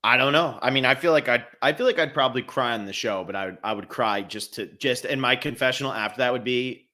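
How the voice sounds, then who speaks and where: Bright-voiced man hosting a casual podcast. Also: medium pitch, fast talker. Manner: conversational, relaxed, agreeable listener. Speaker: podcast host.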